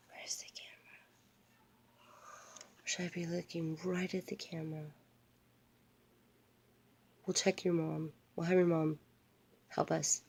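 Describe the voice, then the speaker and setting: A woman's voice: on the low side, little pitch movement, a little slow, vocal fry, pauses often, darkish tone, a little hiss or hum. Chatty grandmother reading a storybook. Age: older. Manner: playful, digressive, talks straight to a grandchild.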